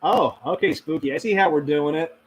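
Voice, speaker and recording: A man's voice: on the high side, expressive, brisk, slightly rough, poor audio. A man hosting a casual live stream, reading and answering chat, rambling with many fillers and frequent laughs. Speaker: paranormal channel host reading live chat.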